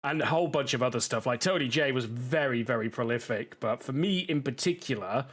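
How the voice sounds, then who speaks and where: A man's voice: mid-range voice, a little fast, fairly bright tone. A man chatting casually to his live-stream audience while playing a game, rambling and swearing a little, stuffy from a cold.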